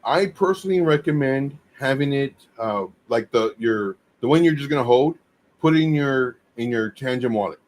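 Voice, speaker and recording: A man's voice: mid-range voice, animated, normal speed, a little mellow. A man co-hosting a casual livestream chat, blunt and teasing, often restarting his sentences.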